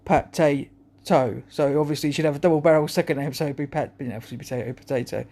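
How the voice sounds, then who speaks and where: A man's voice: on the high side, fast, dark tone. A man talking to camera in a rambling, chuckling monologue full of restarts. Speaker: vlogger.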